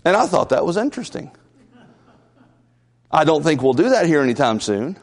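Male pastor, slightly high voice, folksy sermon storytelling, echo of a church hall. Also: sing-song, normal speed. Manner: folksy storytelling with asides and laughs.

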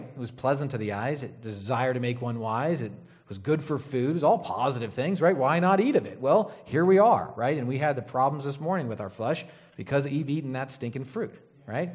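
Male preacher, conversational sermon delivery, rambling, keeps asking the room "right?". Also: medium pitch. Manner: casual, rambling, frequent "right?" and "you know".

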